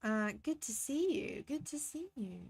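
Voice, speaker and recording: A woman's voice: high voice, expressive, measured pace, darkish tone. A woman streaming a game, chatting with her viewers as she plays. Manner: chatty, talks to chat between reading game lines. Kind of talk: casual game commentary.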